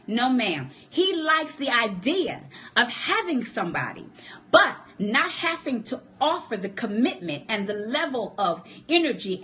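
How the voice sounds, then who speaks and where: A woman's voice: sits high, a bit bright. A woman giving a motivational livestream talk from her phone, speaking emphatically, repeating key points and calling out to her listeners. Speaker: relationship speaker.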